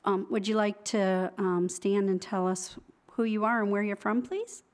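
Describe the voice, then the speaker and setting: A woman's voice: mid-range voice, a little slow. A woman giving the announcements at a church service, welcoming visitors in a friendly, slightly hesitant way. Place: church sanctuary.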